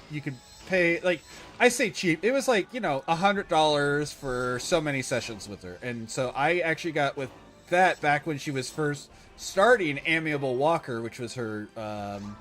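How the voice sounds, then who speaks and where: Male streamer, higher-pitched voice, casual opinionated chat with self-corrections, faint background music. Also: a bit bright.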